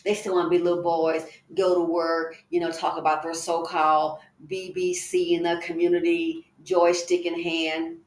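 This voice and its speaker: A woman's voice: lowish voice, flat delivery, normal speed, few pauses. Indignant woman commentator, echoey. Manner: emphatic, indignant, rhetorical questions. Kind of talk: reaction commentary. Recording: echoey room.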